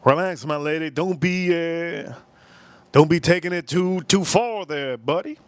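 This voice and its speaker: A man's voice: measured pace, clear, resonant tone, no room sound. A man hosting a whiskey livestream, reading chat comments aloud with crude jokes and rambling asides. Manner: animated pitch swings, pitch jumps up when exclaiming. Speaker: livestream host reviewing whiskey.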